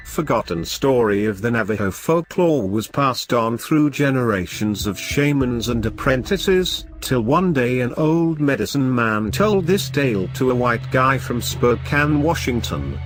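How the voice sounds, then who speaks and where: A man telling a folklore horror story in an expressive, theatrical way. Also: medium pitch, a little slow, hardly any pauses, soft background music. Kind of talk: dramatic horror narration.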